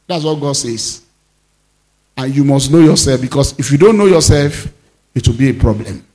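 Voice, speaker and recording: A man, a pastor preaching a sermon with sudden shouts and low, emphatic drops. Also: normal speed.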